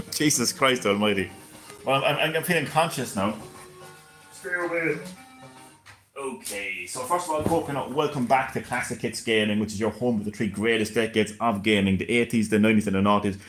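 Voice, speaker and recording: Man, gaming stream host, casual chat, lower voice, hesitant, stumbles over words. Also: moderate pace, fairly bright tone, faint music behind. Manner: hesitant, stammering, laughs often.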